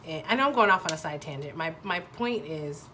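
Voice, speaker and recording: Nasal woman giving a halting tarot reading. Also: low-pitched, lively intonation, noisy background. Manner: halting, searching for words with many restarts. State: nasal from a sinus infection. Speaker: tarot reader. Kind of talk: casual intuitive tarot reading.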